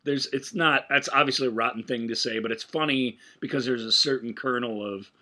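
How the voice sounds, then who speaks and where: Bright-voiced man telling a rambling story. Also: medium pitch, a little fast. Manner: rambling, storytelling, laughing often. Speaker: podcast co-host. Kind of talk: casual chat about movies.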